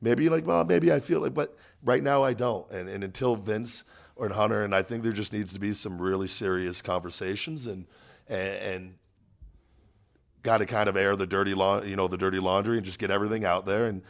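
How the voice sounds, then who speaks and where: Deep-voiced man in halting podcast talk. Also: fairly even intonation. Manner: earnest, halting, many restarts. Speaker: podcast host. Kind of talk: casual podcast chat.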